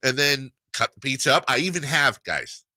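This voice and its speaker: A man's voice: medium pitch, sing-song, normal speed, pushed and bright, no echo. A middle-aged man hosting a sports radio show, rambling and laughing through a casual story. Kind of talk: casual chat.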